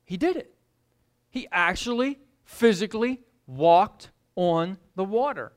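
A woman preaching a sermon, retelling the story in an animated way and repeating words for emphasis. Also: medium pitch, slow.

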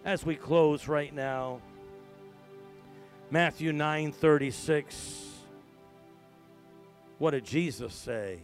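A middle-aged male pastor preaching, his fairly high voice telling a story in hushed tones before rising to loud, emphatic calls. Soft music plays faintly behind him. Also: drawn-out words, pauses often. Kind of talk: sermon.

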